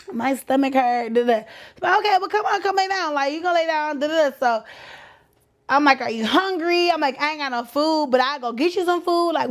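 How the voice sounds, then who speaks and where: A young woman from Texas with a Texan accent, telling a story on her podcast in a casual, animated, slangy way, acting out the voices of the people in it. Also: sits high. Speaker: podcast host.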